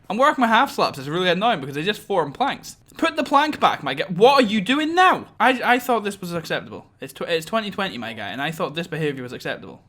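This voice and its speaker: Animated self-mocking young man. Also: high-pitched, quick pace, few pauses. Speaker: gaming channel host. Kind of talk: post-recorded gameplay commentary.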